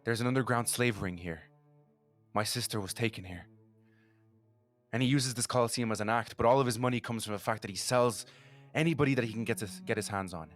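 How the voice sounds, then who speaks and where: Desperate young woman seeking allies, voiced plainly by a man; halting, pleading delivery. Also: medium pitch, soft background music, lightly acted. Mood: urgent. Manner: pleading, hesitant, many restarts. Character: desperate young woman searching for her sister.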